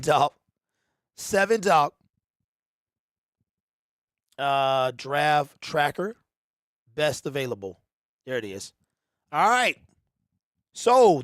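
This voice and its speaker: A man hosting a casual fan livestream, animated and slangy, talking straight to his chat. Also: sits high, no room sound, studio quality. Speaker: livestream host.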